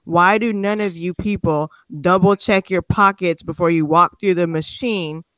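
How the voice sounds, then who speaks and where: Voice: medium pitch, steady tone, normal speed, fairly bright tone, smooth, no room sound. A podcast host delivering an exasperated, profane comedic rant with sarcastic asides. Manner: sarcastic, mocks people's excuses.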